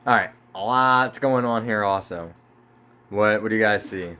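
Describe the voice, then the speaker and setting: A man's voice: lowish voice, normal speed, sharp tone. A man leading a casual Bible study discussion, laid-back and slangy, saying "like" a lot. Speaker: Bible study group leader.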